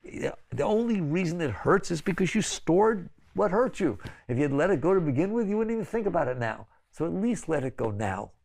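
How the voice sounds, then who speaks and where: Very animated, with vocal fry and a darkish tone, this older spiritual teacher speaks at a moderate pace with hardly any pauses. His lecture feels conversational and pleading, peppered with "right?" and sudden high-pitched bursts when he imitates others.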